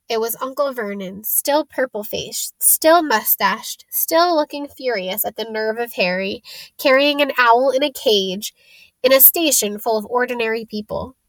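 A woman reading a novel aloud in a steady, clear storytelling voice. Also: fairly high pitch, unhurried, no room sound. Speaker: reader.

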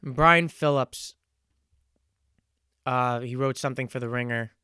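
Smooth-voiced young man, earnest and reflective. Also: medium pitch, unhurried, pushed and bright, no room sound, clean studio sound. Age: 20s. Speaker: podcast host. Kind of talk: casual solo podcast monologue.

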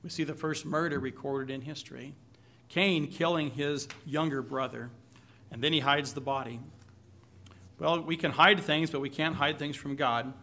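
Bright, forceful male preacher. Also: a little high, steady tone, moderate pace. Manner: asks the congregation questions, light humor. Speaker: pastor. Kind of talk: conversational sermon with scripture reading.

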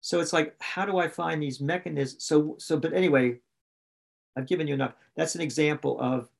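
Podcast guest, male, from West Virginia, raspy with some fry; rambles and corrects himself as he talks. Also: fairly high pitch, fairly even intonation, a little fast. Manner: rambling, self-correcting storyteller. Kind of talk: candid conversation.

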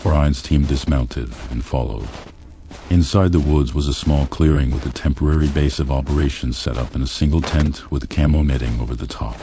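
A man reading a novel aloud in a steady, even storytelling manner. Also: very deep voice, normal speed, a little hiss or hum. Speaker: audiobook narrator. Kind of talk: scripted audiobook narration.

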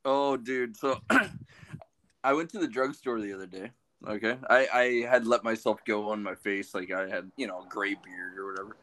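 A man's voice: fairly low pitch, fairly even intonation, normal speed, fairly bright tone. A man in his late thirties co-hosting a podcast, telling a rambling, self-deprecating story with plenty of swearing. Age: 30s. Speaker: podcast co-host. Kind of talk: casual storytelling.

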